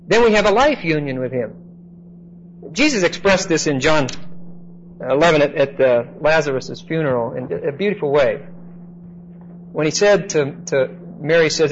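A man's voice: fairly high pitch, a bit bright. A man preaching a teaching sermon, explaining verse by verse in an emphatic, explanatory way and often checking in with "okay?". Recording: dull lo-fi recording, faint background noise.

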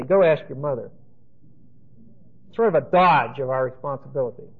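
A man's voice: on the high side, phone-quality sound. A man preaching a sermon with emphasis and dry humor, speaking straight to his listeners.

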